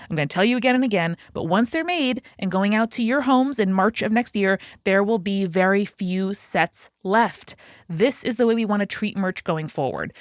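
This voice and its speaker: A woman hosting a podcast, reading sponsor news and announcements in an excited, slightly breathless way. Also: mid-range voice, dry recording, studio quality. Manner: excited, fast, a little out of breath. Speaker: podcast host. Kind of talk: upbeat sponsor and announcements read.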